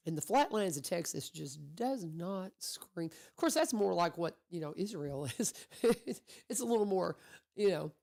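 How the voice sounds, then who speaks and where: A woman hosting a radio show, chatting casually with her guest and telling animated stories. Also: fairly low pitch, a little slow, gravelly. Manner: chatty, animated storyteller who acts out quotes. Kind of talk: casual conversational interview. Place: radio studio.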